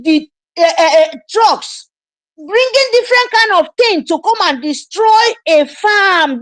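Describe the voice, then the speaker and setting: A Nigerian woman delivers an impassioned address in a high voice that swings widely in pitch. She speaks slowly and insists, repeating herself with urgent pleading. The recording is dry and close. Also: no echo. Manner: emphatic, repetitive, urgent pleading. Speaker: activist commentator.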